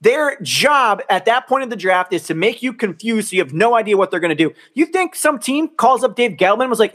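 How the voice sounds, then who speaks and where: A man's voice: high voice, very animated, fairly quick, few pauses, fairly bright tone. A man co-hosting a podcast, ranting in casual talk, exasperated and swearing a lot. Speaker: podcast co-host. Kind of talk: heated casual sports rant.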